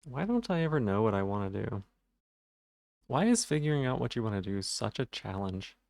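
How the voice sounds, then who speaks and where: A man's voice: on the low side, big pitch swings, fairly quick, vocal fry, a little mellow, dry recording, studio quality. A man streaming a game live, chatting casually with his viewers in a rambling, self-deprecating way, and stuttering on some words.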